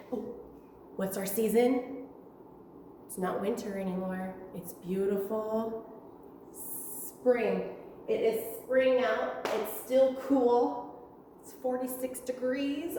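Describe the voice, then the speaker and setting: A young woman teaching a virtual preschool lesson in a room with windows, talking slowly in a sing-song way to small children. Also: on the high side, a little mellow, far from the mic, slight background noise. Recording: echoey room with long reverb.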